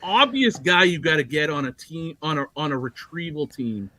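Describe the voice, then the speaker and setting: A man's voice: on the high side, expressive, normal speed, background noise. A man chatting casually as a guest on a livestream, rambling with many fillers and restarts. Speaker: guest collector.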